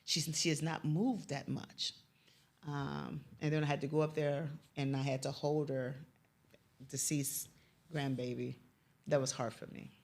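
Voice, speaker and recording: In an emotional personal interview, a middle-aged woman who mentors youth on Chicago's West Side recounts her faith and loss, falling to a near whisper when moved. She has a deep, darkish voice with a level tone and a slightly slow pace.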